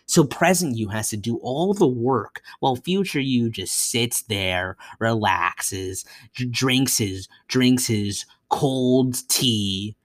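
Slow rambling young male podcaster. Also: medium pitch, no room sound, studio quality. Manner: scattered, self-mocking, many restarts and asides. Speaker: podcast host. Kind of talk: rambling solo podcast monologue.

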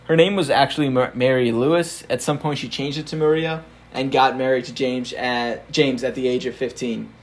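A man's voice: medium pitch, fairly even intonation, normal speed, hardly any pauses, slight background noise. Young man casually retelling history. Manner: laughs often, storytelling with fillers. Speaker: podcast co-host telling a history story. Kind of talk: casual history podcast chat.

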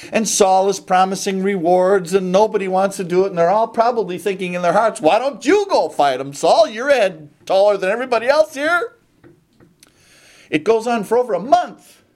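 A man preaching a sermon, retelling a scripture story dramatically and animatedly. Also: fairly high pitch.

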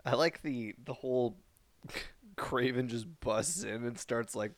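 A man co-hosting a podcast in casual chat, animated and laughing often, with rambling asides. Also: mid-range voice, takes it slowly, no room sound. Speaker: podcast co-host.

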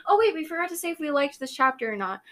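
A young woman's high, sing-song voice comes rapid-fire with a fairly bright tone as she co-hosts a podcast. The conversation is relaxed and meandering, broken up by many restarts and bursts of giggling.

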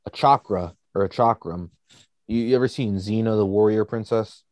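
A man's voice: lowish voice, moderate pace, darkish tone, no room sound. A man casually chatting as a podcast co-host, rambling with lots of fillers. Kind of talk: casual chat.

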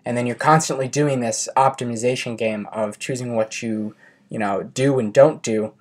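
A man's voice: mid-range voice, normal speed. A man in casual podcast chat who explains his ideas at length and swears freely. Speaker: podcast guest.

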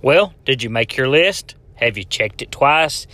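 A man's voice: mid-range voice, lively intonation, unhurried, sharp tone, dry recording. A man from Tennessee, hosting a casual solo podcast in a rambling, joking way and talking straight to the listener. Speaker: podcast host.

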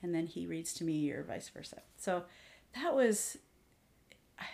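Speaking at a measured pace, a forties-aged woman with a gravelly, fairly low voice co-hosts a casual conversation. She's an animated storyteller who imitates her kids' voices.

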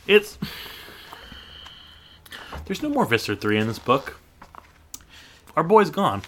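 A man co-hosts a loose, joking podcast about a book. His voice is bright, and he laughs easily. He reads passages aloud with obvious relish. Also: a little high, sing-song, slow, slight background noise. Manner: giggly, jokey, reads quotes aloud with relish. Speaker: podcast co-host. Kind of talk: casual book-club podcast chat with read-aloud passages.

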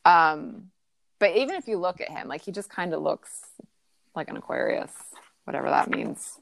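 Rambling chatty woman, slightly low voice. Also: expressive, normal speed, gravelly. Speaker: podcast co-host explaining astrology. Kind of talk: casual chat.

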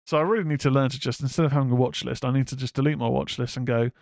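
A man's voice: medium pitch, fairly even intonation, racing, creaky, darkish tone, no room sound, clean studio sound. A man from England hosting a casual film review show, rambling, swearing freely and reading out chat comments. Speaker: horror podcast host.

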